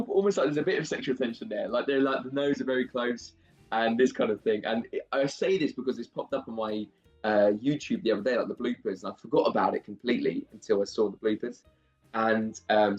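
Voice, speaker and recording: Chatty Southeast London actor, rambling. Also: male voice, mid-range voice, muffled recording. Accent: Southeast London English. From England. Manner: chatty, rambling, quick to laugh. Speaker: actor and guest. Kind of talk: casual interview chat.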